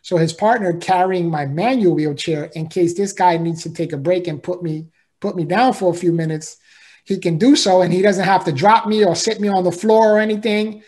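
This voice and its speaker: A man's voice: sits high, normal speed, a little mellow. A man, a podcast guest, telling an emotional personal story in an earnest, heartfelt way, often repeating himself and asking "right?".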